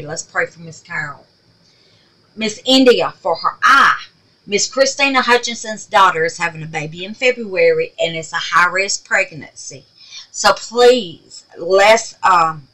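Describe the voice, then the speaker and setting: A woman's voice: medium pitch, sharp tone, poor audio. An older woman hosting a crafting video, chatting to viewers in a rambling, affectionate way, calling them baby and darling and teasing herself for forgetting things. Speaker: crafting channel host. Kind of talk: casual chat to viewers.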